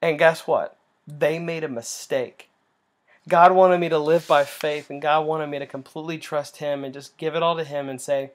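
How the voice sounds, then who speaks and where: A young man getting over a cold, giving an earnest, halting personal faith testimony with many restarts. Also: a little high, fairly even intonation. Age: young adult.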